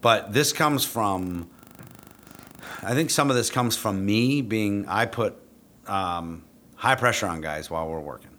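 A middle-aged police dog trainer tells a story bluntly and casually, swearing freely and leaping into animated quotes of himself. His voice is lowish and his delivery a little slow.

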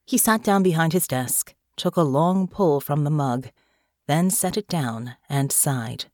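Low-voiced woman narrating an audiobook. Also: dry recording, clean studio sound. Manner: measured, even storytelling.

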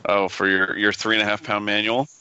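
A man's voice: lowish voice, little pitch movement, a little fast, pushed and bright, clear, resonant tone, no room sound, dull audio. An American man co-hosting a casual podcast, dropping dry, wry remarks. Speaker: podcast co-host. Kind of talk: casual chat.

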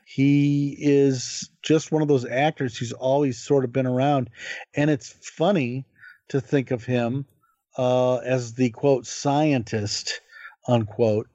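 A podcast co-host who rambles through casual film talk, stalling on many fillers and restarts. His voice sits at an average pitch for a man. The recording sounds dull and very dry. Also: fairly even intonation, takes it slowly, dark tone, no room sound. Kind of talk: casual chat about films.

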